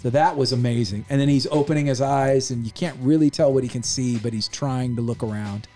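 A man's voice: medium pitch, a little fast, mellow, faint music behind. Earnest middle-aged man telling a story. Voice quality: earnest, emphatic, swears casually. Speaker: radio DJ and podcast host. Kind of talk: casual storytelling chat.

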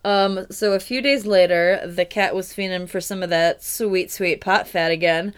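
A woman's voice: lowish voice, steady tone, moderate pace, clear, resonant tone. A woman co-hosting a podcast, casually retelling a fairy tale with wry asides and swearing. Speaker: podcast co-host. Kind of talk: casual storytelling chat.

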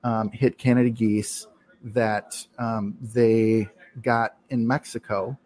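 A man's voice: fairly low pitch, level tone, slow, a little mellow. A man co-hosting a casual podcast chat, rambling along with many ums and restarts. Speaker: podcast co-host.

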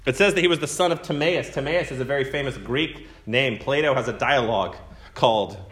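A man's voice: medium pitch, fairly quick, a bit bright, echoey room. A man preaching a conversational sermon to his congregation, telling a story and acting out the quoted voices. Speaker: pastor. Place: church sanctuary.

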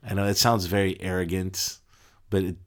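A middle-aged man telling stories in a casual interview, a little low-pitched in his ordinary talk. He stumbles over his words, laughs, and his voice jumps up high whenever he gets excited. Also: normal speed. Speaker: interview guest, deacon and pharmacist.

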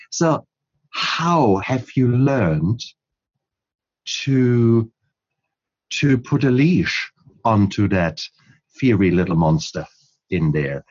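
Slow, husky-voiced man asking questions. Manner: slow, probing questions with a lively, swinging pitch. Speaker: host. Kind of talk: conversational interview. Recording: dull lo-fi audio.

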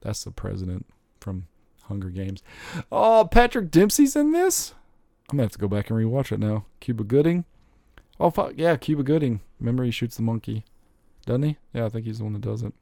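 A man in casual chat, rambling and excitable, swearing freely as he talks about movies. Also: lowish voice, fast, gravelly, no room sound, studio quality. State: recently recovered from covid.

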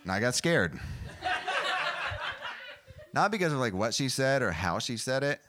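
A man doing a stand-up comedy set, animated and profane, with punchlines that rise to shouts. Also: mid-range voice, unhurried. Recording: noisy live club recording.

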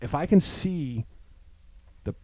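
A man's voice: a little high, takes it slowly, no room sound. A man in recovery, telling a story in casual chat and acting out the voices of the people in it. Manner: animated storyteller, acts out voices. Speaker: guest in recovery.

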